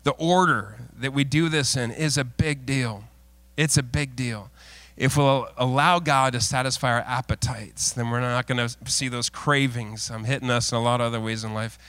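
A middle-aged male pastor preaching a sermon, mixing folksy, self-deprecating stories with earnest, lowered exhortation. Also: fairly even intonation, normal speed, hardly any pauses, fairly bright tone, no room sound. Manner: folksy, self-deprecating storytelling with frequent laughs.

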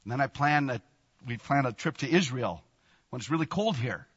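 Excitable sixty-year-old preacher, echoing hall. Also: male voice, mid-range voice, normal speed, breathy edge. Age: 60s. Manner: animated, laughing often, exclamatory bursts. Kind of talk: sermon. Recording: long reverb, dull lo-fi sound.

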